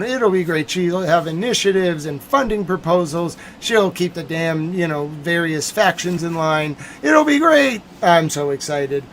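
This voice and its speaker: High-voiced man rambling on a livestream. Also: fairly bright tone, slight background noise. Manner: rambling, mock-boastful, playful. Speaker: streamer host. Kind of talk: joking livestream monologue.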